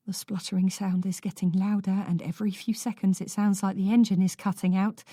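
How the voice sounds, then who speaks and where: A woman narrating an audiobook in the first person, measured and anxious. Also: medium pitch, level tone, warm tone, no echo, studio quality.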